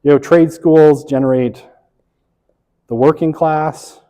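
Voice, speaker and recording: A man's voice: on the high side, steady tone, slow, dark tone. Lecturing man in an echoey hall. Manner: conversational, lots of "right?" tag questions; self-correcting, wry asides. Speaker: college sociology instructor. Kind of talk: classroom lecture. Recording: long reverb of a lecture hall.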